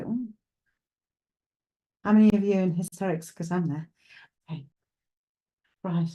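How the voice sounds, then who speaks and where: A woman's voice: fairly low pitch, normal speed, long pauses, dark tone. Chatty woman doing a live psychic reading. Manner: chatty, thinks aloud, addresses viewers directly; hesitant, with frequent restarts while working things out. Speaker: psychic medium. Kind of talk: live streamed mediumship reading.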